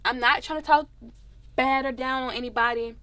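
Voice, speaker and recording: A young woman, a singer telling stories in a casual interview, expressive and animated. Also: sits high, moderate pace. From Dallas, Texas.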